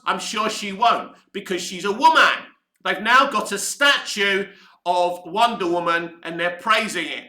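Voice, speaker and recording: A man ranting angrily in a heated, sweary commentary, his voice going hoarse. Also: high-pitched, bright, forceful tone, echoey room. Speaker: online commentary host. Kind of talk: angry opinion rant.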